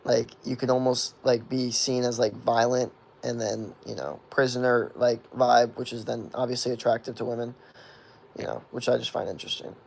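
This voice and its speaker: Young guy in his 20s, gravelly, easygoing streamer who rambles through chat questions, filler-heavy and profane. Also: mid-range voice, flat delivery, moderate pace, a little mellow, slight background noise. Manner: rambling, filler-heavy with constant "like", swears freely. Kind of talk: casual livestream chat.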